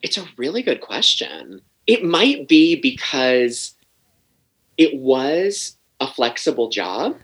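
A guest telling animated stories about an old telemarketing job, restarting phrases and swearing casually. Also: medium pitch, slow pace, rough recording. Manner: animated, repeats words, swears freely. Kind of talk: casual storytelling interview.

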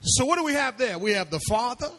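A man's voice: very high voice, animated, quick pace, bright, forceful tone. A male pastor preaching a sermon to a congregation, with emphatic call-and-response questions and phrases that he sings out. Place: church before a congregation.

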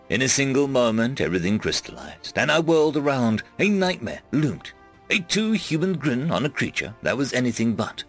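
Reading a web serial chapter aloud in first person, a man narrates with big dramatic swings and shouts the dialogue. He's an audiobook narrator with a medium-pitched voice and an expressive delivery.

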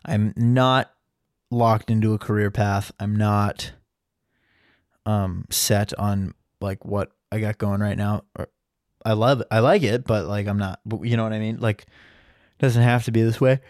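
Give me a relaxed young man co-hosting a podcast, a bit low, rambling through fillers. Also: measured pace, dry recording, clean studio sound. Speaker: podcast co-host. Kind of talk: casual podcast chat.

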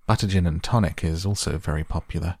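A man voicing an eccentric, excitable candy-factory owner who talks briskly and impatiently in a storybook reading. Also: low voice, husky, no echo, clean studio sound.

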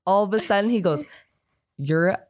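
A woman co-hosting a casual podcast chat, telling animated stories and laughing often. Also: mid-range voice, normal speed, no echo, studio quality. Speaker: podcast co-host.

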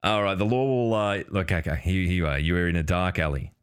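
A man's voice: deep voice, fast talker, smooth. A man hosting a casual chat show, rambling and swearing with frequent laughter. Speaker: podcast host.

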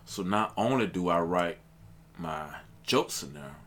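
A man's voice: sits low, sing-song, a little slow, vocal fry, fairly bright tone. A man and aspiring stand-up comedian in a casual podcast chat, talking earnestly and with a motivational drive, and often saying "let me tell you.".

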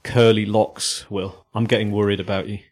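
A man's voice: fairly low pitch, flat delivery, normal speed, darkish tone. A man in his thirties co-hosting a podcast, rambling and self-deprecating with frequent restarts and laughs. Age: 30s. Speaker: podcast co-host. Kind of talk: casual chat.

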